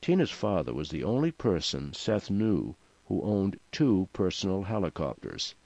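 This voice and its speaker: A man's voice: low voice, sing-song, normal speed, vocal fry, a little mellow, dry recording. A man narrating an audiobook with a dry, wry delivery. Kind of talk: scripted narration. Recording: dull dry studio sound.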